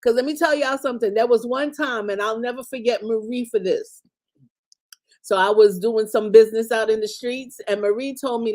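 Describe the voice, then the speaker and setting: A woman's voice: on the high side, moderate pace, darkish tone. Blunt, emphatic woman commentator. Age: adult parent. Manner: emphatic, blunt street talk. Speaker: co-host. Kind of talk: casual commentary.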